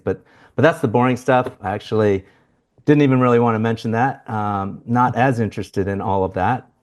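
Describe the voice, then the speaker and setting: A man co-hosting a podcast, introducing a guest in a rambling, good-humored way. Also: fairly low pitch. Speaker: podcast co-host.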